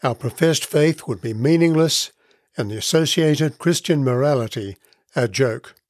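A man giving a scripted devotional Bible teaching, reading in a measured, earnest way and leaning on key words. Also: medium pitch, no room sound, clean studio sound.

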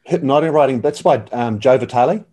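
A man's voice: medium pitch, a little fast, dark tone. A man, talking as an enthusiastic, slangy guest in a casual interview. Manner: enthusiastic, slangy, calls the host mate.

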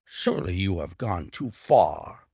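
A man reading an earnest loyal friend, protesting, low gravelly voice. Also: animated, a little slow, dark tone, no room sound, clean studio sound, exaggerated voice. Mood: alarmed. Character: earnest, loyal male companion, easily alarmed. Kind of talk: audiobook reading.

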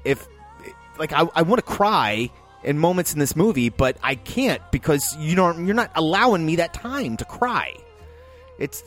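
A man co-hosting a film podcast, giving a blunt, heavily profane review in casual chat, his voice jumping high when he gets worked up.

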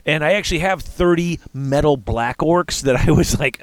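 A man's voice: fairly high pitch, moderate pace, few pauses, dry recording. A man hosting a casual hobby chat, rambling with restarts and fillers. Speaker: podcast host.

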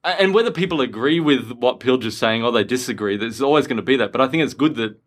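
A man's voice: medium pitch, lively intonation, quick pace. An Australian man co-hosting a podcast, chatting casually and rambling with lots of restarts. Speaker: podcast co-host. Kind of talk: casual chat.

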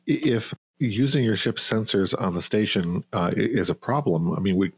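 Man player, low husky voice, hesitant, stammering, dry sound. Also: lively intonation, normal speed.

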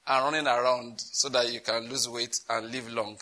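A man's voice: mid-range voice, flat delivery, normal speed, bright, forceful tone, low-quality recording. A man preaching a sermon on prayer, chatty and often breaking into laughter. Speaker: pastor.

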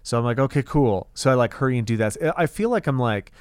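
A man's voice: mid-range voice, fast talker, clean tone, no room sound. Guy on a podcast telling a car story, cussing a lot, dry close mic. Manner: profane, animated storyteller quoting others. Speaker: podcast co-host. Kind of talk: casual storytelling chat.

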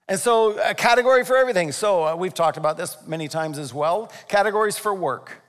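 A man preaching a sermon as pastor, animated, acting out voices and asking his listeners questions. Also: high voice, brisk, few pauses, big-room sound. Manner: animated, acts out voices, asks the audience questions.

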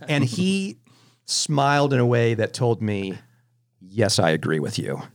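A man with a mid-range voice at normal speed hosts a film podcast, sharing casual, animated anecdotes and restarting his sentences often.

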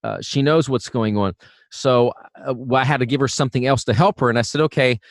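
A man teaching singing in a relaxed, chatty way, full of fillers and restarts. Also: medium pitch, fairly quick, no echo, clean studio sound. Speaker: vocal coach. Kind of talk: casual instructional talk.

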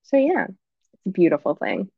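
A woman's voice: mid-range voice, wildly swooping pitch, normal speed, gravelly, slightly rough, no echo, narrow, tinny audio. A woman in her thirties, a podcast guest, speaking candidly and emotionally in a rambling conversational way. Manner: frank, emotional, rambling with restarts.

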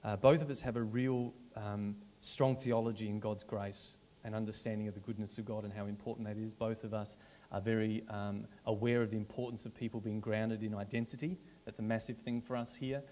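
A man's voice: lowish voice, flat delivery, a little fast, warm tone. A man pastoring a church, introducing a guest and then interviewing him on stage in a jokey, self-interrupting way. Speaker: pastor hosting a church service. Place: church auditorium.

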